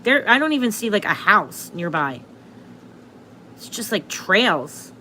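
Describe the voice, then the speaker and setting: A woman chats loosely into her phone, hosting a livestream and often restarting her sentences. Her pitch sits in an ordinary middle range. A faint hiss of background noise runs under the recording. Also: sing-song, unhurried, pushed and bright. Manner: chatty, self-interrupting, laughs at herself. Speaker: astrology livestream host. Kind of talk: casual livestream chat.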